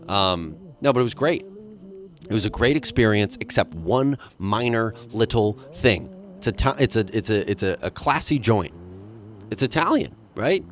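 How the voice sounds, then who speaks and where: A man's voice: fairly low pitch, lively intonation, normal speed. A man hosting a podcast, rambling through a comic solo monologue with crude asides and jumping into acted voices for the people he quotes. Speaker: podcast host.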